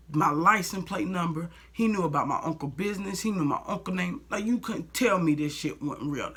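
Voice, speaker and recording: A woman's voice: sits low, fairly bright tone, slightly rough. A young woman vlogger telling a personal story in a blunt, heated way, full of "like" and swearing. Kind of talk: storytime vlog.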